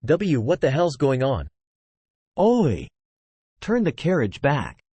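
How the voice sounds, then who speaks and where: A man's voice: a little high, wildly swooping pitch, slow, warm tone, slightly rough, no room sound, full character voice. A synthetic male narrator voicing a startled man in a carriage who stammers in disbelief.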